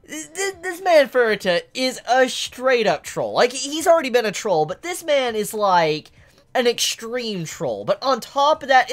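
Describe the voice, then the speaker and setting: A woman reviewing a manga chapter in casual commentary, excitable, laughing often and swearing freely. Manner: animated pitch jumps.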